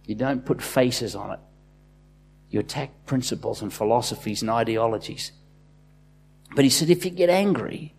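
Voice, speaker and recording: Impassioned pastor, husky voice. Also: male voice, medium pitch. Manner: impassioned, swinging from loud bursts to quiet asides. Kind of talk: sermon.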